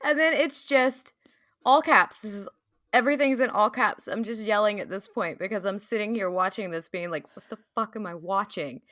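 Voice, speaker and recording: Bright, animated woman co-host. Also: medium pitch, moderate pace. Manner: animated, swears freely, reads her own notes in bursts. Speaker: podcast co-host. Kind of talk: casual podcast chat.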